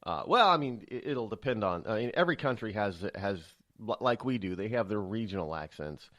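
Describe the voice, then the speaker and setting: A man's voice: on the low side, lively intonation, fairly quick, a bit bright, dull audio. A man hosting a talk radio show, giving solo political commentary in a rambling, indignant way, often repeating and restarting words. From United States.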